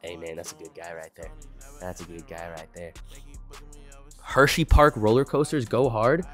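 A man's voice: sits low, fairly even intonation, moderate pace, a bit bright, faint music behind. A young man in his twenties chatting on a livestream, laid-back and swearing a lot as he reacts to chat. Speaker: streamer.

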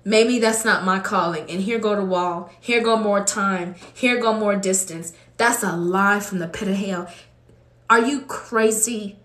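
A woman preaching with emotion, building to fervent, high-pitched exclamations as she speaks to her listeners. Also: unhurried, a bit bright, reverberant. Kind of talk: impassioned preaching.

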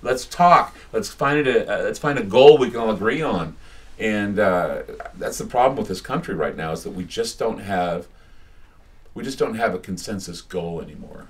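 A deep-voiced American radio host rambles through a casual public talk full of anecdotes in a small indoor bookstore, heard from across the room, far from the mic. He speaks at normal speed with a darkish tone, a chatty storyteller with many restarts.

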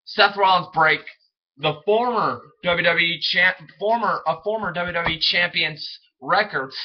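A young man chatting casually as a fan vlogger, rambling and excitable, often stumbling over his words. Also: high voice. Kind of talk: casual solo commentary. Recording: dull lo-fi home recording.

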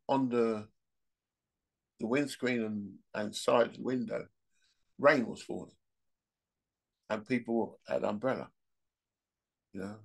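A mid-range male voice with vocal fry belongs to a podcast host delivering a casual monologue. He rambles through joking anecdotes and laughs at his own stories.

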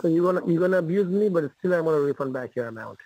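A man's voice: fairly high pitch, lively intonation, very fast, darkish tone, dry recording, low-quality recording. A man on a scripted support call, polite and repetitive, addressing the listener as sir. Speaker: phone scammer.

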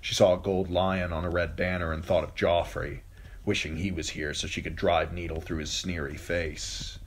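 A male audiobook narrator with a deep, low voice, reading a fantasy chapter aloud. He tells the story steadily, fixing an occasional slip as he goes. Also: flat delivery, moderate pace, a little hiss or hum. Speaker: audiobook reader. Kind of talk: scripted narration.

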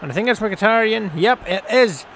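A man giving casual, excitable commentary over a football video game, swearing and joking at his viewers. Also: high voice, brisk. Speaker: gaming YouTuber.

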